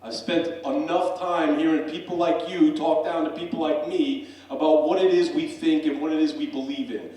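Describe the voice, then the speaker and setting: An irritated, blunt bartender played by a man scolds a customer in a loud, slow, drawn-out voice. He is pitched above his usual voice. The sound is very echoey and comes from well off the mic. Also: natural voice. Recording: echoey hall, voice from a distance.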